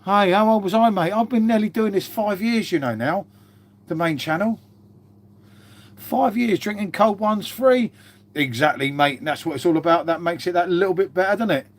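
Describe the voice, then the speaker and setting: A chatty British man hosts a live stream from home, with a fairly high voice for a man. He swears freely and keeps calling the viewers "mate" as he answers their comments. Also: normal speed. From Britain. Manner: chatty and matey, swears a lot, says "mate" constantly.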